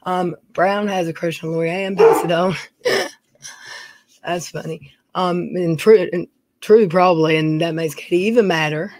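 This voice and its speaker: A woman's voice: lowish voice, lively intonation, moderate pace, a little hiss or hum. A middle-aged woman, chatting casually on a home live stream, reading viewer names and talking in a folksy way. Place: dim room at home.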